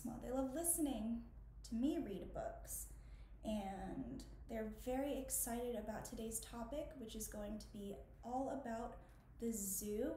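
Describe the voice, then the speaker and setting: A woman hosting a children's storytime as a librarian, talking gently in a sing-song tone and reading a picture book aloud. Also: on the high side, reverberant, slight background noise.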